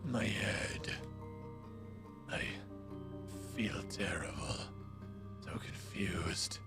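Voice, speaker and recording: A man voicing a dazed ancient male demon in a game, talking in a low hoarse whisper. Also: expressive, drawn-out words, over loud music, full character voice. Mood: groggy. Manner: hoarse whisper, groaning, menacing. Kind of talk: video game character voice.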